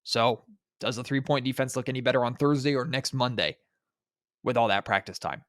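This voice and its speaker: A man's voice: mid-range voice, brisk, no echo. A man with a congested, nasal voice talks through his solo sports podcast, musing aloud and tossing rhetorical questions at his listeners. His voice sits in a middle register, and the sound is dry and close with no room around it. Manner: conversational, thinks aloud with restarts and rhetorical questions. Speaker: podcast host.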